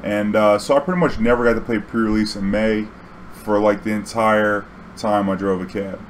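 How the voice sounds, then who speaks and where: A man's voice: on the low side, fairly even intonation, moderate pace, a little hiss or hum, rough recording. Laid-back profane New man. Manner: loose, profane, filler-heavy with many "you know"s. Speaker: vlogger. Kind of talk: casual storytime monologue.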